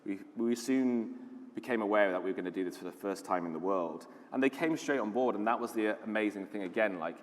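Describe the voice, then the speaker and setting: Low-voiced british guy giving a conference talk, chatty and keen, reverb from the hall. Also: fairly quick. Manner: enthusiastic storytelling, conversational with fillers. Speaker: conference speaker, lead designer.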